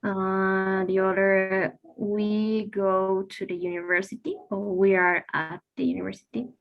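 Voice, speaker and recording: A woman student on a video call, halting and searching for words as she answers. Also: mid-range voice, little pitch movement, dull audio. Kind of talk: classroom answers.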